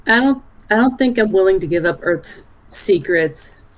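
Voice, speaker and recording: A woman's voice: mid-range voice, lively intonation, moderate pace. A woman playing a tabletop game, thoughtfully speaking about her character in third person. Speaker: player. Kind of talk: casual tabletop play.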